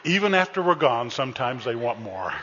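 With a sing-song delivery, a little fast and sharp in tone, a medium-pitched male pastor jokes his way through a sermon. He teases the congregation playfully and calls out to them directly, over slight background noise. The sanctuary recording is dull and full of echo.

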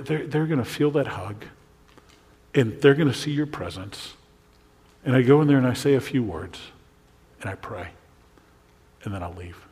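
A male pastor preaching a sermon with animation, moving between quiet, low passages and loud exclamations. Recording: long reverb of a large hall.

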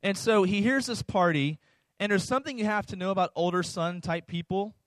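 A man's voice: high voice, fairly quick, dry recording, clean studio sound. A man preaching in a conversational sermon style, often checking in with the audience by asking "right?" and "okay?". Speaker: pastor.

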